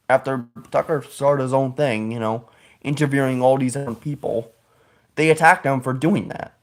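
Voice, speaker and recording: A man hosting a podcast, talking in a casual, opinionated monologue that rambles, stalls and corrects itself. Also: mid-range voice. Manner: rambling, with frequent restarts and self-corrections; opinionated, politically outspoken. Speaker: podcast host.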